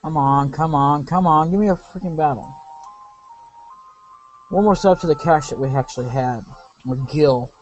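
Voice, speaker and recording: A man with a fairly high voice talks through a game he is playing. He rambles, corrects himself mid-sentence and wanders into asides. Faint game music sits underneath. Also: normal speed, long pauses, darkish tone, highs cut off. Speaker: let's play commentator. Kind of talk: casual gameplay commentary.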